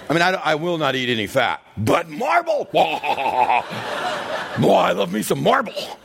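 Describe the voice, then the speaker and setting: A middle-aged man preaching a comedic sermon in a church, animated storytelling that acts out characters and often shouts and laughs. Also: fairly high pitch, a little slow, creaky, some chatter behind. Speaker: pastor.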